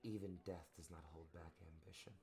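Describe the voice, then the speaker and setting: A man's voice: sits low, fairly even intonation, fairly quick, gravelly, warm tone. A man voicing a proud, bitter, dead would-be king who speaks in grand, archaic, menacing tones. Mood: grandly defiant.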